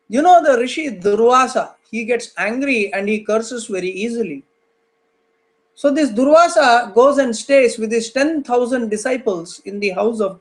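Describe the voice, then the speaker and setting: Man, spiritual teacher, very high voice, slow storytelling, long pauses. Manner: slow, drawn-out retelling with dramatic pauses. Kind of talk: storytelling talk on scripture.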